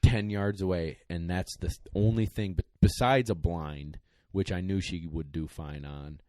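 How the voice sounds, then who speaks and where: A man with a very deep voice tells a long story in casual podcast chat, rambling and getting emotional. He sounds close to tears, his voice catching as he goes on. The sound is dry and close, with no room around it. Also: a little slow, a little mellow, dry recording. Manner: emotional, rambling, choked up at times. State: tearing up. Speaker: podcast co-host, dog trainer.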